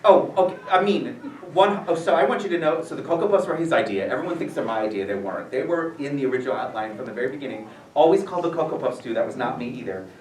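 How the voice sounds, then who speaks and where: A man visiting a school as an author, answering questions in a rambling, animated way full of fillers. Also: medium pitch, quick pace, hardly any pauses, a little hiss or hum. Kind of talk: casual Q&A talk. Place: school room, audience present. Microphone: distant from the recorder. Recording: echoey room, voice heard from far off.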